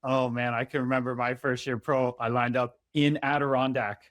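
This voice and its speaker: A man in his thirties hosting a casual interview, an animated storyteller who swears freely and acts out quotes. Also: mid-range voice, normal speed, no echo, clean studio sound. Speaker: podcast host, former pro hockey player.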